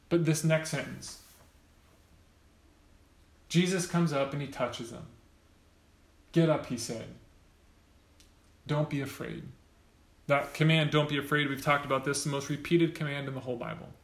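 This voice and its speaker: A man's voice: medium pitch, gravelly, echoey room. A pastor delivering a conversational sermon to his church, often checking in with the congregation by asking "right?".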